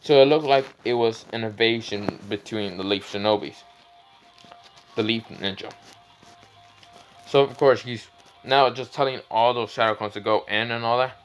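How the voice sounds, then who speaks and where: Casual male storyteller, mid voice, loose and rambling, soft music bed. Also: mid-range voice, moderate pace, long pauses, low-quality recording. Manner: rambling, fillers like "what's it called". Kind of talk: casual fan-fiction narration.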